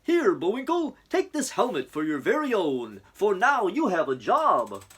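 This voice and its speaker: A man voicing an adult male fire chief in a children's storybook reading, loud and exclaiming. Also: high voice, huge pitch swings, unhurried, breathy edge, pitched above the performer's own voice, exaggerated voice.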